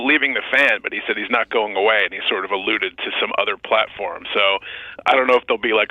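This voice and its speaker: A man's voice: lowish voice, dry recording, highs cut off. A man who is a guest on a podcast, telling sports stories animatedly and acting out the quotes. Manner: animated storyteller, acts out quotes. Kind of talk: casual sports chat.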